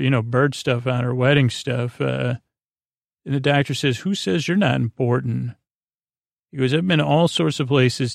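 Creaky, flat-voiced man rambling sleepily. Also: mid-range voice, no room sound. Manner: rambling and hesitant, full of "uh" and restarts. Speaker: podcast host. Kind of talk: meandering sleep podcast episode recap.

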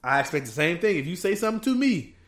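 Fast-talking, emphatic man chatting. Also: a little high, big pitch swings, fairly bright tone. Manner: emphatic, repeats his points. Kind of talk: casual chat.

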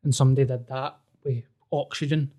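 A man's voice: medium pitch, a little fast. Sweary man telling a story. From Scotland. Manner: sweary, animated storyteller acting out dialogue. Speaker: podcast co-host. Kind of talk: casual storytelling chat.

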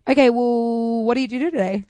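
A woman's voice: on the high side, brisk, dark tone, no echo. A woman co-hosting a comedy podcast, telling stories in casual chat with frequent giggles. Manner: chatty, giggly storyteller. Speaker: podcast co-host.

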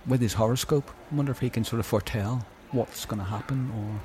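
A man's voice: mid-range voice, fast talker, darkish tone. A man co-hosting a podcast who chats in a rambling, hesitant, joking way. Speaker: podcast co-host. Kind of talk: casual chat.

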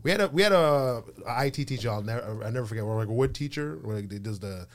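A man's voice: mid-range voice, animated, fast, slight background noise. A man from Montreal's West Island, a podcast guest, telling a school story with frequent hesitations and restarts. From Montreal's West Island, Canada. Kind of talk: casual storytelling chat.

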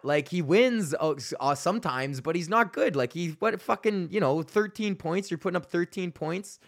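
A man's voice: mid-range voice, fairly bright tone. A male comedian hosting a solo podcast, ranting in a loose, rambling, profane way.

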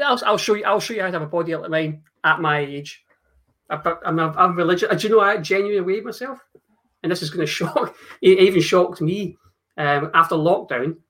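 A man's voice: fairly high pitch, fairly bright tone. A Scottish man co-hosting a live podcast, rambling and stammering through jokey stories, swearing now and then. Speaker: podcast co-host. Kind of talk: casual live podcast chat.

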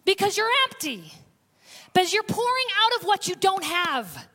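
Woman pastor, sermon, call-outs to the congregation, bursts of intensity, high voice. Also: huge pitch swings, normal speed, background noise.

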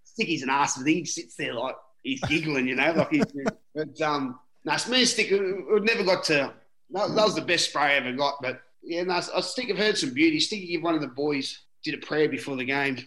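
A little high and a little fast, with a sharp tone, the voice belongs to a middle-aged Australian man who used to play rugby league. In a casual interview recorded in an echoing room, he rambles through stories, leaning on "you know" and swearing now and then.

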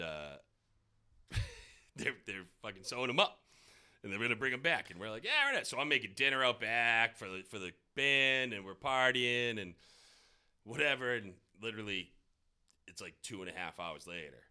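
A man's voice: lowish voice, sharp tone. A man with a New England accent, a restaurant owner telling rowdy stories on a podcast, swearing freely and acting out the quotes. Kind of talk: casual podcast storytelling.

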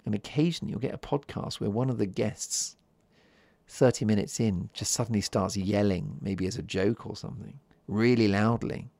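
Soft-spoken man with a gravelly low voice. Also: moderate pace, dry recording. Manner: soft-spoken, chatty, drifts into whispers. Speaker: podcast host. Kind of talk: calm solo podcast monologue.

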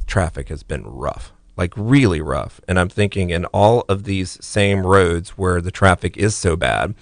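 A man co-hosting a casual talk show, venting about traffic and letting his sentences fade off quietly. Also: low-pitched, no room sound, clean studio sound. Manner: ranting, trails off quietly at ends. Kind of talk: casual radio chat.

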